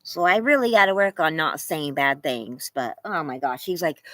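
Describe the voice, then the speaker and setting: A young woman from California chatting casually on a livestream from her home, animated and laughing often as she thanks viewers by name. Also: deep voice, moderate pace, no room sound, rough recording. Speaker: livestream host.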